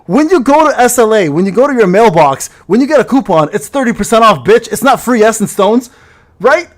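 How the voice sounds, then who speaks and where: A man's voice: high-pitched, sing-song, fairly quick. A man streaming a game, teasing and mock-ranting at a friend in casual, profane banter. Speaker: gaming streamer.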